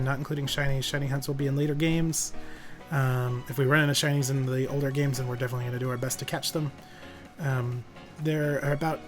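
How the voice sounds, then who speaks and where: Young male streamer, casual gaming chatter, rambly, a touch high-pitched. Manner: relaxed, rambling with fillers.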